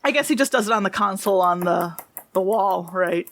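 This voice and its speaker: A woman running a tabletop game as game master, narrating in a rambling, animated way. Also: mid-range voice, a little fast.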